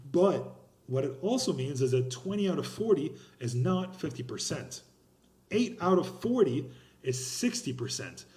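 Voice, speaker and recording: In a recorded online class lecture, a young male college instructor runs through course policies in a casual, rambling, blunt style, using slang and restarting himself. His voice is fairly high with a dark tone, and the sound is reverberant.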